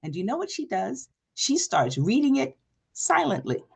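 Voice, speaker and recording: A woman coach giving an energetic live online workshop, asking the audience questions and acting out quoted speech with a lifted voice. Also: a little high, moderate pace, gravelly, breathy edge. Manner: energetic, talks straight to the audience with repeated questions. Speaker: presentation coach. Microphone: video call.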